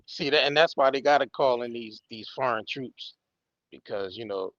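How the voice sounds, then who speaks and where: A man's voice: mid-range voice, normal speed, fairly bright tone, no room sound. A man in casual political talk, agreeing and restarting his sentences often. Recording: dull lo-fi mic.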